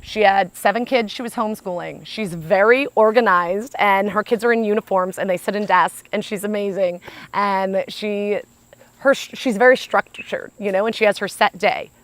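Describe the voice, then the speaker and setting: An American woman from the United States, a speaker telling a personal story in an animated, chatty way, often saying "like". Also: mid-range voice, normal speed.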